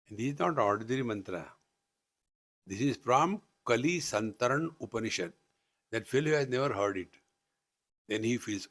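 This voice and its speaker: A man's voice: mid-range voice, animated, moderate pace, a bit bright. A man with an Indian English accent giving a live spiritual discourse at a retreat, teasing and chanting as he teaches. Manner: playful, teasing asides and chanting. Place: retreat hall.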